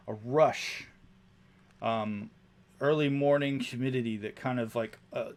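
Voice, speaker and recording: Male game master, average pitch, halting descriptive narration. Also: a bit bright. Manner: descriptive, halting, many fillers.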